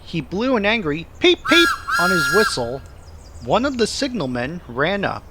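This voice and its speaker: A man narrating a children's railway storybook in a lively, expressive reading. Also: sits high, normal speed, heavy background noise. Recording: music playing behind.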